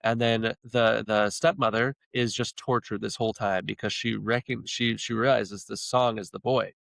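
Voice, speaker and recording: A man's voice: on the low side, steady tone, moderate pace, creaky, a bit bright, dry recording. A man, a podcast guest, retelling stories in a rambling, casual way with many restarts. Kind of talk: casual storytelling chat.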